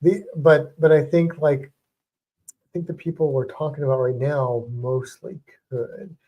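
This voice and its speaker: A man's voice: on the high side, little pitch movement, unhurried, dark tone. A man co-hosting a livestream in casual chat, rambling with lots of "like" and restarts. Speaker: livestream co-host.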